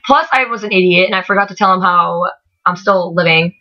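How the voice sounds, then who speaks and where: A woman's voice: lowish voice, brisk, sharp tone. A teenage girl telling a concert story in casual vlog chat, rambling and swearing with lots of "like". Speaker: vlogger. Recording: dull lo-fi webcam audio.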